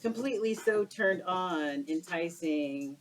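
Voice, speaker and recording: Slow, low-voiced woman tarot reader. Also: expressive, slight background noise, rough recording. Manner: exclamatory, slangy, talks to viewers. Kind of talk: casual tarot reading.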